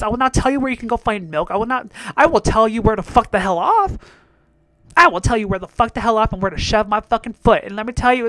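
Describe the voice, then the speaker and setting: A man's voice: sits high, fairly bright tone, dry recording. Blunt, foul-mouthed young man ranting. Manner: blunt, profane, heated and exasperated. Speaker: solo podcast host. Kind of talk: casual rant monologue.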